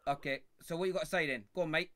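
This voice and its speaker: A man hosting a live football fan phone-in show, joking and mocking a troll caller. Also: fairly high pitch. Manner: lively, quick to mock callers. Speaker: host.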